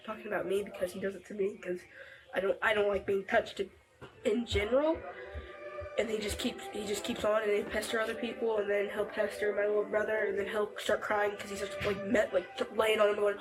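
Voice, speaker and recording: A teenage girl inside her family home telling a deputy what happened, halting and rambling with many fillers and restarts, picked up by an officer's body camera. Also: medium pitch, little pitch movement, music in the background, low-quality recording. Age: teens. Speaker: family member reporting to deputy. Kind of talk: recounting events to police.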